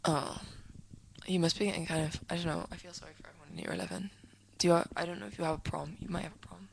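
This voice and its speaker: A woman's voice: on the low side, fairly even intonation, rapid-fire, creaky, rough recording. Rambling, giggly teenage girl vlogging. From England. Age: teens. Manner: rambling, giggly, self-interrupting, breaks into soft whispery asides. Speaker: vlogger answering a friend's questions. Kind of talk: casual chatty vlog. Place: indoors, at home, sitting on a desk.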